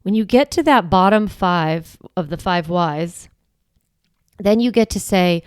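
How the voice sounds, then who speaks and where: A woman's voice: fairly low pitch, expressive, unhurried, clean tone, dry recording, clean studio sound. A woman who is a parenting coach and podcast host, talking in a chatty, encouraging way and often saying "like" and "right". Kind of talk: casual podcast monologue.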